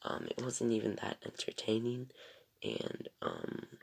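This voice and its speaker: A man's voice: on the low side, wildly swooping pitch, a little slow, gravelly, slightly rough. A young man casually reviewing a TV episode, rambling and hesitant with lots of ums, often drifting into mumbled whispers.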